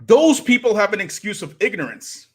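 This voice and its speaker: A man's voice: high-pitched, very animated, normal speed, slightly rough. A man, hosting a live stream and preaching to his audience with rhetorical challenges. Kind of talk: impassioned live-stream commentary.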